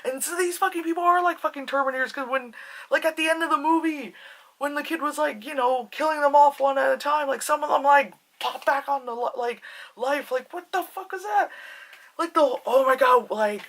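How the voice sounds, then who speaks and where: A bright, forceful voice talking through a movie review off the cuff. The delivery rambles, full of "like" and "you know", with plenty of swearing and animated retellings of scenes. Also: sits high, fairly quick. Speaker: film reviewer. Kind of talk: casual spoiler movie review.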